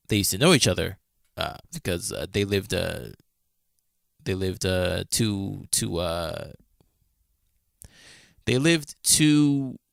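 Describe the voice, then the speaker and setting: A man's voice: sits low, creaky, a bit bright, no room sound, studio quality. A man co-hosting a podcast, retelling a friend's story in a rambling casual way, full of fillers and restarts. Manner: rambling retelling, many fillers and restarts, acts out quoted lines. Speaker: podcast co-host.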